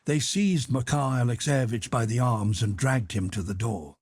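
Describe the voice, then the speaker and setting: A man reading a classic novel aloud as an audiobook narrator, expressive and dramatic. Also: medium pitch, moderate pace, breathy edge, no room sound, clean studio sound. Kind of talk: scripted narration.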